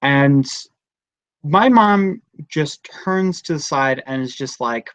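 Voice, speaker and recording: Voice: medium pitch, lively intonation, a little slow, no room sound. Young adult, live-stream host, casual rambling chat, lo-fi device mic, dry sound. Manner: rambling, chatty storytelling. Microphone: device camera mic close up.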